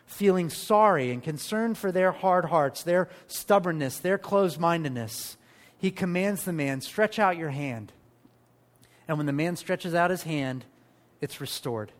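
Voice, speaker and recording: A man preaching a sermon as pastor, animated, with rhetorical questions and emphatic pauses. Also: a little high.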